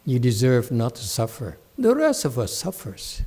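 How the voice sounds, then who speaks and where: A man's voice: medium pitch, huge pitch swings, normal speed, mellow, breathy edge. A man giving a Buddhist dharma talk at a temple, blunt and scolding, mocking his students' whining. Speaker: meditation teacher.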